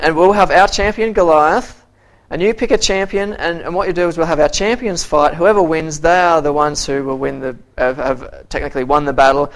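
A teacher talks a class through a Bible story, pitched in the middle of the usual range. The delivery is halting, stopping to repeat words and throw questions at the listeners, and it slips into quoted voices for the characters. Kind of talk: interactive Bible story lesson.

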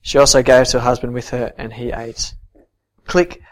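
A man preaching a sermon and reading scripture, earnest, swinging from soft to emphatic. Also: medium pitch, steady tone, moderate pace.

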